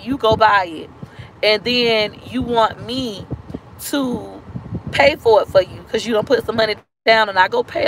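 A woman's voice: medium pitch, gravelly, a bit bright, slight background noise, rough recording. A woman in her thirties venting bluntly and with plenty of profanity in a casual vlog. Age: 30s. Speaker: vlogger.

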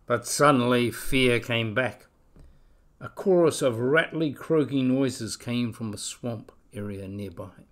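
A man reading a children's story aloud, expressive and dropping to a whisper at scary moments. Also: mid-range voice, vocal fry. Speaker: story reader.

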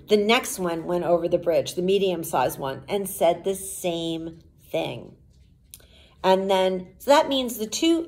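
A woman teacher reads a storybook aloud to children in an unhurried voice. She stops often to explain what is going on in a patient, explanatory way. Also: fairly low pitch, a little mellow.

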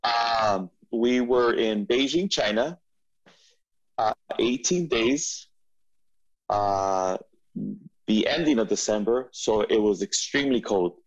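A man who is a podcast guest, telling a personal story in a relaxed interview with frequent restarts and repeats. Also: mid-range voice, takes it slowly, dull audio. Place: studio.

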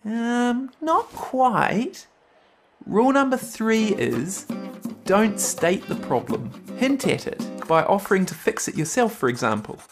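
A man's voice: high-pitched, big pitch swings, moderate pace, over music. A man with a New Zealand accent in a scripted comedy sketch, explaining things in a laid-back, friendly way. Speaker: flatmate giving advice.

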